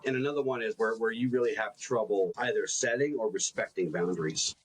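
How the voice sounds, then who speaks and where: A man's voice: on the low side, a little fast, breathy edge, poor audio. A man co-hosting a coaching podcast, talking earnestly in a casual conversation and often repeating words as he builds a point.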